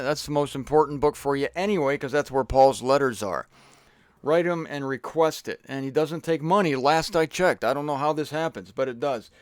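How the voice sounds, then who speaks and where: A man's voice: on the high side, no room sound, clean studio sound. A man giving a casual, joking Bible teaching talk, digressing as he goes.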